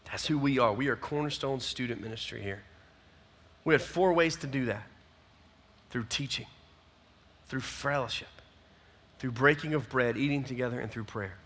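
A man, a youth pastor giving a folksy, energetic closing talk to his youth group. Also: medium pitch, normal speed.

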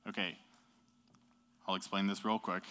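Young male youth teacher, bright tense tone, casual and upbeat, keeps asking "okay?". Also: sits low, level tone, moderate pace, clear, resonant tone. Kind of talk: classroom teaching.

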